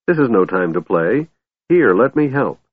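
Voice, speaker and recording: A man voicing a small, excitable male kender who is eager and shrill and keeps pleading and pestering. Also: normal speed, slightly rough, no room sound. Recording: tinny phone-like band, dry.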